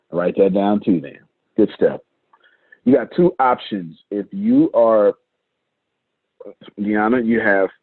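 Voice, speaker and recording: A man's voice: low voice, breathy edge, no echo. A man coaching his team in a live online meeting, emphatic and fond of repeating phrases for effect. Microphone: video call. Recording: dry, tinny phone-like call audio.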